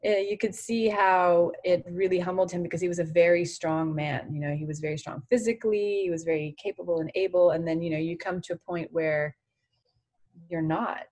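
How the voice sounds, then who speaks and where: A woman's voice: fairly low pitch, fairly even intonation, a little fast, darkish tone. A woman in her forties, a guest on an interview podcast, speaking earnestly and from the heart with many "you know"s. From France. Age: 40s. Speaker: interview guest, former tennis champion.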